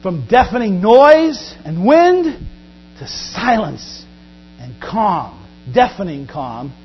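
High-voiced preacher with big dynamic swings. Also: male voice, sing-song, takes it slowly. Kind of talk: sermon. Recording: dull lo-fi recording with mains hum.

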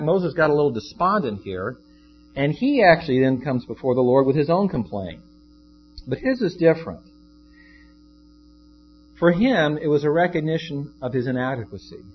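Male pastor preaching, chatty storytelling, muffled lo-fi w faint guitar. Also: a little high. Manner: conversational, shifts into acted quotes. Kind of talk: sermon.

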